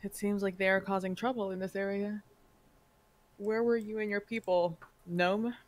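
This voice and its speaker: A woman at a medium pitch taking part in a tabletop game. She asks questions of the game's characters in a casual, matter-of-fact way. Her talk sounds like friends at a table. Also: flat delivery, normal speed. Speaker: player.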